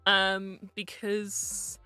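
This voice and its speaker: A woman streamer talks at an unhurried pace, chatty and loose, with plenty of fillers, swearing and laughter along the way. Her voice sits at an everyday pitch and sounds close and dry, with faint music running behind her. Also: completely flat delivery, pushed and bright, clean tone, no room sound. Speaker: vtuber streamer. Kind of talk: casual storytelling on stream.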